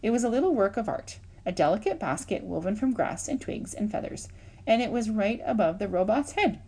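Female reader for a children's chapter book, lively and expressive, mid-range voice. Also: medium pitch, a little fast, gravelly, breathy edge. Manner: expressive, lively narration with voiced sound effects. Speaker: audiobook reader. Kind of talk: storybook read-aloud.

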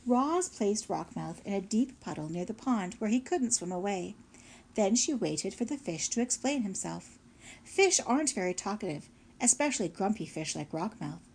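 A woman's voice: medium pitch, a little mellow, breathy edge. Woman reading a storybook aloud. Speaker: audiobook narrator. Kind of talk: scripted narration.

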